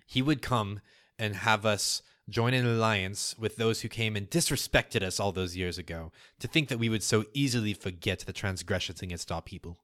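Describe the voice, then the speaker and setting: A pompous winged fairy lord, put on by a man, speaking like a grand orator rousing his people. The voice sits low and comes across dry and close. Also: normal speed, fairly bright tone, dry recording, natural voice. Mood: grandiose.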